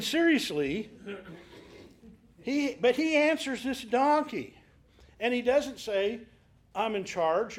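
High-voiced man leading a Bible class. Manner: conversational storytelling with rhetorical questions. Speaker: Bible study teacher.

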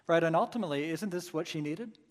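A man's voice: fairly high pitch, fast, long reverb tail. A man preaching a sermon with emphatic, rhetorical asides to his congregation. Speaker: pastor.

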